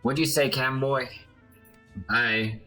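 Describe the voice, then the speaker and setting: A man's voice: mid-range voice, steady tone, takes it slowly, sharp tone, soft background music, voice pushed up, poor audio. A man voicing a bitter, drunken old male sailor who growls and snarls. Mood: mocking.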